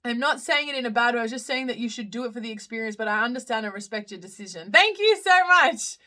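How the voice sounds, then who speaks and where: Chatty young aussie-born woman on a phone livestream, kinda high and really bright, giggly, lots of ums. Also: fairly even intonation, rapid-fire. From Australia. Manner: chatty, giggly, many fillers and restarts. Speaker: host of a live Q&A stream. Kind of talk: casual live-stream chat answering comments. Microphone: phone live stream.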